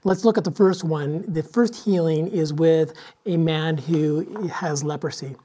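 Mellow-voiced man preaching a sermon. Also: on the high side, a little slow. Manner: conversational storytelling with frequent fillers. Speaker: pastor.

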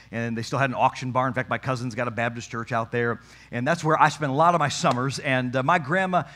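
A man's voice: medium pitch, pushed and bright. A man preaching a sermon as pastor, talking straight to his congregation with emphasis.

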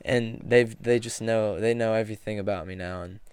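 A young man telling a personal story in a casual podcast conversation, earnest and halting with restarts. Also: fairly low pitch, steady tone, a little mellow, clean tone.

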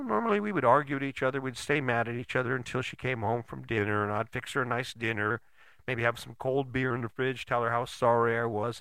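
A man's voice: medium pitch, creaky, bright, forceful tone, no room sound. An older man giving a casual motivational talk, folksy and blunt, often checking in with "right?".

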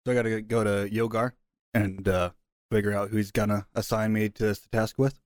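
A man's voice: fairly low pitch, little pitch movement, moderate pace, a little mellow, dry recording, studio quality. A man playing a tabletop game, laid-back and casual. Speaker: player.

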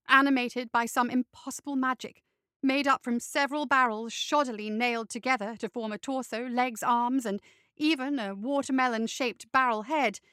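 A woman narrating a fantasy story aloud in a steady reading voice. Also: high voice, clear, resonant tone, no room sound, clean studio sound.

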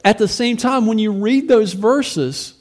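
A man's voice: high voice, a little slow. A man, a pastor, preaching a sermon in a conversational way, asking rhetorical questions and often repeating words as he goes.

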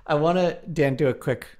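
A man's voice: fairly high pitch, measured pace, a little mellow. Laughing, rambling guy chatting casually. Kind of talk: casual comedic chat.

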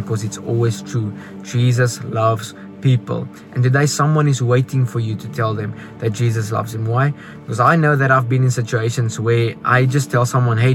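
A South African man giving an earnest, preachy testimony as a travelling evangelist. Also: mid-range voice.

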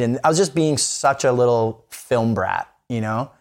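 A man's voice: mid-range voice, expressive, normal speed. A man co-hosting a podcast, talking candidly in a casual chat, rambling with many fillers and restarts. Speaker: podcast co-host.

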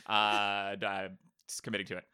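A man co-hosting a casual movie podcast, animated and quick to laugh, sometimes reading from notes. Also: lowish voice, smooth. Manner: animated, laughs often, reads notes aloud. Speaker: podcast co-host.

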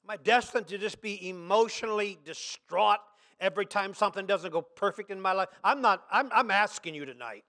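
High-voiced, bright-toned preaching pastor. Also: male voice, brisk. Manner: impassioned preaching that swells into shouts; asks the congregation rhetorical questions. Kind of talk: sermon. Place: church service.

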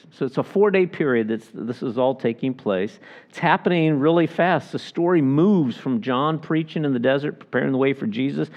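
A man preaching a sermon in a relaxed, storytelling manner, his voice at a middle pitch. He walks through scripture and slips into the voices of the people he quotes. The recording sounds a little dull and lo-fi. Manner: conversational, folksy Bible teaching with restarts and quoted voices. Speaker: pastor.

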